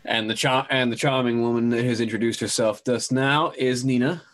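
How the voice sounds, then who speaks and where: A man narrating a tabletop role-play as game master, introducing characters in a laid-back, halting way. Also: mid-range voice, steady tone, fairly bright tone.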